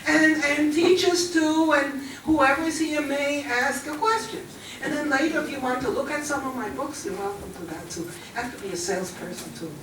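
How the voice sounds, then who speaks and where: Older German-accented woman speaking in a hall. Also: high-pitched. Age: 80s. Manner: warm, chatty, pauses with fillers. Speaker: guest speaker. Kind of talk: talk to a college audience. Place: large college hall. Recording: echoey hall from far off, faint noise.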